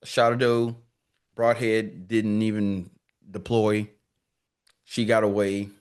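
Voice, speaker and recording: His voice is clear, resonant, fairly low and slow as he chats as a podcast guest. He's casual and slangy, an animated storyteller who acts out what people said.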